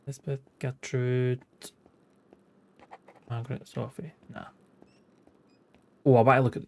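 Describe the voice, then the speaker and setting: A man's voice: medium pitch, normal speed, creaky, long pauses, a little mellow. A man in his late thirties, streaming a game with wry, sweary chatter, reading its dialogue aloud. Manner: sweary, wry, chuckling asides. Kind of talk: casual let's-play commentary, reading game dialogue aloud.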